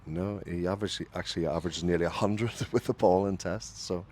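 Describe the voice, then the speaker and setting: A deep-voiced man calls cricket ball by ball on the radio from a commentary booth. His delivery turns lively on big shots, and he puts his own slips right as he talks. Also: brisk. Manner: lively ball-by-ball calling, corrects himself.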